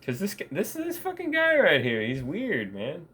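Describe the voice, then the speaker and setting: A man's voice: fairly high pitch, wildly swooping pitch, moderate pace, sharp tone, breathy edge. A man vlogging in a casual, rambling monologue, profane and laughing often.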